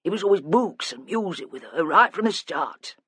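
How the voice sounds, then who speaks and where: An audiobook narrator voicing a quiet, guilt-ridden older father who speaks hesitantly and plainly. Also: mid-range voice, animated, moderate pace, breathy edge, no echo, clean studio sound. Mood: reminiscing. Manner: subdued, hesitant, plain-spoken.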